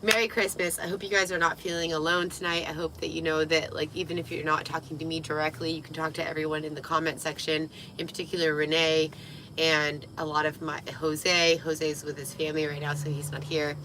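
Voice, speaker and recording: A tipsy woman livestreaming from a parked vehicle, giggling, swearing freely and getting excitable, her voice partly lost. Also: deep voice, a little fast, noisy background. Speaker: livestream host. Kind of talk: tipsy casual livestream chat.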